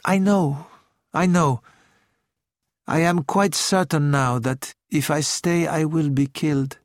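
A man's voice: high voice, expressive, takes it slowly, no room sound, clean studio sound, voice pushed up, full character voice. A man voicing a young prince, raised and pleading. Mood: troubled. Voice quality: earnest, pleading. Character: young male prince, sad, anxious, proud. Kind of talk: audiobook reading.

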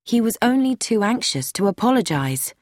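Expressive woman narrating an audiobook. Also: on the high side, dry recording, studio quality. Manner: measured storytelling. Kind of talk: scripted narration.

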